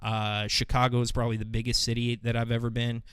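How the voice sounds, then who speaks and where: A young American man rambling through a casual show of his own, swearing freely and tripping over plenty of fillers. His voice comes through smooth and resonant, at an ordinary middle pitch. The sound is dry and close. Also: completely flat delivery, fast talker, no echo. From United States. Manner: loose and profane, many fillers. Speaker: podcast host. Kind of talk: casual monologue.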